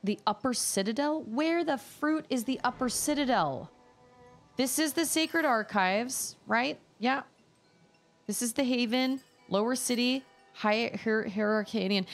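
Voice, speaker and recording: A young woman streaming a video game, chatting casually and thinking out loud as she plays. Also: on the high side, measured pace, soft background music. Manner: chatty, musing aloud, reading chat. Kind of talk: casual gameplay commentary.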